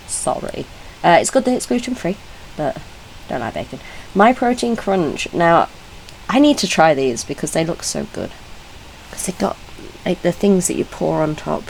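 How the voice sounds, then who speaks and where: Lively, chatty British woman with a low voice. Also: a little hiss or hum, rough recording. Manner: chatty, blunt and giggly, with frequent self-corrections. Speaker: YouTuber. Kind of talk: casual reaction commentary.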